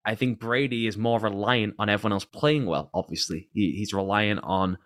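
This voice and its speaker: Low-voiced man ranting in casual sports chat. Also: no echo, studio quality. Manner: animated, quick to laugh and rant. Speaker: podcast co-host. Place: lives in the UK.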